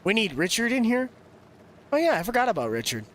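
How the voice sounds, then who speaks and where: A man's voice: high-pitched, big pitch swings, fairly quick, fairly bright tone, slight background noise. A young man rambling and joking casually while live-streaming a farming game. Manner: rambling, jokey, laughs often. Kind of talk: casual gameplay chatter.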